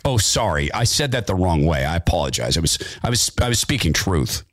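A middle-aged man hosting an opinionated political talk monologue, sarcastic and animated, with asides and mock voices. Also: fairly low pitch, a little fast, few pauses. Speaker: political commentary host.

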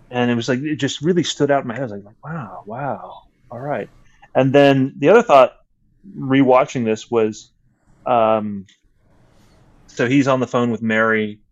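Guest: adult man, loose rambling talker, curses freely, dull recording. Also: mid-range voice. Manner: rambling, swears a lot, many restarts. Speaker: podcast guest. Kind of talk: casual chat.

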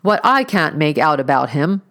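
A woman doing a gruff shouting old colonel. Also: sits low, lively intonation, measured pace, full character voice. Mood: blustering. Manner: shouting, curt.

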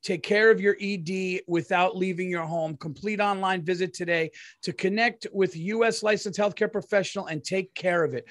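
Laughing high-voiced man podcaster. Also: steady tone, moderate pace, hardly any pauses, a bit bright, dry recording, studio quality. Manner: profane, laughing, jokey. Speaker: podcast co-host. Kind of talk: casual podcast chat with ad read.

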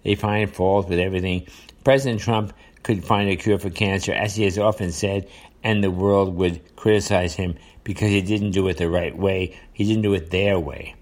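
A man's voice: sits low, fairly even intonation, moderate pace. An older man with a New York accent talking casually to his viewers in a rambling, repetitive way, full of fillers and restarts. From United States. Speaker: vlogger. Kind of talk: casual monologue to camera.

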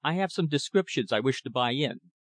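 A man's voice: mid-range voice, a little fast, no room sound, natural voice. A cool, stubborn young man who answers with brevity and does not budge, as a male narrator reads him. The delivery stays level and plain, in a dry, close recording. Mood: calm. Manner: calm, brief, level. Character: calm, stubborn young male land buyer.

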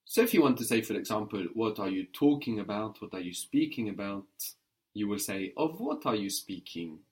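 A man's voice: fairly low pitch, animated, normal speed, a little mellow. A man teaching a language lesson, patiently repeating and modelling words.

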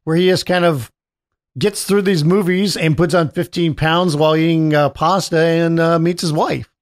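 A man with a high voice talks through a film in a casual chat. He is eager and explanatory and leans on "like" as he goes. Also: fairly even intonation, normal speed. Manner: eager, explanatory, uses filler like "like". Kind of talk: casual movie discussion.

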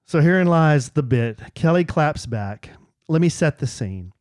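A man's voice: a little high, animated, unhurried, darkish tone, dry recording, studio quality. A man co-hosting a podcast, playful and mock-aggrieved as he jokes in casual chat. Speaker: podcast co-host. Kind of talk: casual chat and comedic rant.

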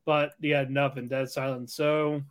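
A man's voice: mid-range voice, little pitch movement, measured pace. A man co-hosting a casual anime podcast, recapping episodes in a loose, rambling way. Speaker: podcast co-host.

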